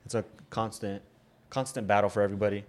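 A man's voice: lowish voice, level tone, quick pace. A young man co-hosting a casual podcast at home, telling stories with lots of swearing and acted-out quotes. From Nebraska, US. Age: young adult. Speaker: podcast co-host. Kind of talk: casual chat. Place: home room.

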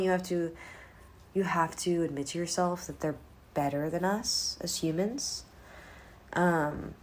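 Woman vlogger at home, lowish voice, rambling profane delivery with sudden whispers, faint background ambience. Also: slight background noise. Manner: rambling, profane, drops to whispers then gets loud. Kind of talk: casual vlog chat.

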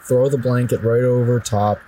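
A podcast guest in casual chat, laughing often and telling stories slowly. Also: a little hiss or hum, rough recording. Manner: slow, laughing, lively pitch.

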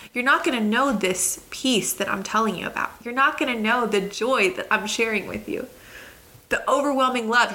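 Fairly high in pitch, this female host and preacher delivers a devotional teaching with fervor and emphasis. Addressing the listener straight on, she shifts from gentle phrases to outright exclaiming.

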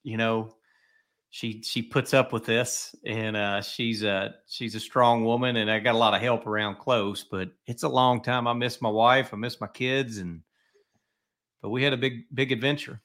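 Bright-voiced chatty man hosting a podcast. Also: mid-range voice, fairly even intonation, normal speed. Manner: rambling, chatty storyteller. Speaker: podcast host. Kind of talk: casual podcast chat.

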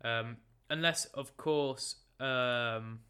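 Bright, chatty young man recapping football. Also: mid-range voice, very slow, clear, resonant tone. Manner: chatty, joking, stumbling over names. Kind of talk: casual football results recap. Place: room at a computer.

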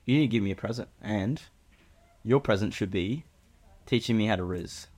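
A man's voice: on the low side, normal speed, a little mellow. A man co-hosting a casual podcast, chiming in with short quips and playful interjections. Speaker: co-host, younger brother.

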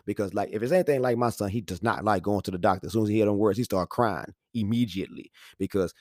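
Man telling animated stories. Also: lowish voice, fast talker, hardly any pauses, dry recording, studio quality. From Houston, Texas. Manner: animated storytelling, acts out voices, laughs often. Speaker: podcast talker. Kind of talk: casual monologue. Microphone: studio microphone.

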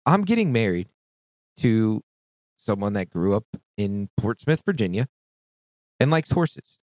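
A man co-hosting a podcast in casual chat, animated and profane, often jumping into mock voices. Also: measured pace, no echo. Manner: animated, swearing, mimics voices with big pitch jumps. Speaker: podcast co-host.

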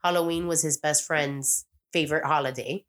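Low-voiced woman casually recapping a show. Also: steady tone, moderate pace, fairly bright tone. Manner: rambling, swears freely, acts out dialogue. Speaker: podcast co-host. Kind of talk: casual chat recapping a TV episode.

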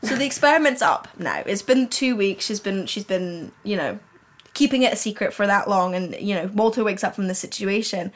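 A woman's voice: medium pitch, lively intonation, a little fast. Rambling giggly woman podcaster. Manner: rambling, many fillers and restarts, giggly. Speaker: podcast co-host. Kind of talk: casual chat, retelling a fan story.

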